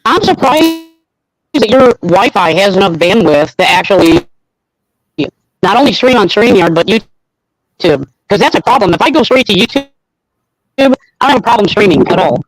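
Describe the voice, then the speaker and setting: Relaxed woman on a video call. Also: mid-range voice, moderate pace, pauses often, low-quality recording. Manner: relaxed, reacts with short exclamations. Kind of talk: casual chat on a livestream.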